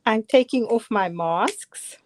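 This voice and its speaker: A middle-aged guest crafter with a Cape Town South African accent demonstrates card making live, chatting casually, poking fun at herself and laughing often. Her fairly high voice is expressive, slow and a little mellow. There's a faint hiss or hum.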